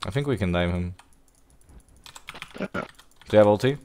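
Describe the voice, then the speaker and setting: A man's voice: on the low side, expressive, normal speed, warm tone, a little hiss or hum. A man with a Swedish accent casually commenting while playing a game online, chatty and swearing. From Sweden. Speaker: gaming video host.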